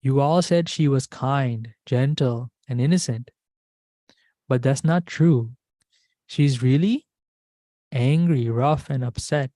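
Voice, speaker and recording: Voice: medium pitch, slow, long pauses, mellow, dry recording, lightly acted. A teacher voicing a young female servant who is defiant, in a plain retelling of her words. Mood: complaining. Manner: plain retelling of quoted speech.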